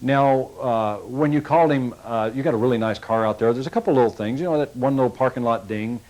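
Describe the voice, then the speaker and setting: A man with a folksy, coaching way of talking leads a sales training session, speaking at an ordinary middle pitch. He walks his audience through techniques and slips into short acted-out exchanges with customers. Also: fast, a little mellow, rough recording.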